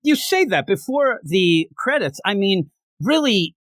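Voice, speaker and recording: A man's voice: high-pitched, very animated, measured pace, fairly bright tone, dry recording, studio quality. A man co-hosting a comics podcast in casual review chat, joking and swearing casually. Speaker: podcast co-host.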